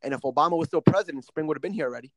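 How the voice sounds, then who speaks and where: A young man from New Jersey rambles through loose, profane podcast banter, stacking filler words as he goes. His voice sits high. The sound is dry and close. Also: rapid-fire, fairly bright tone, no room sound, poor audio. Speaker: podcast co-host.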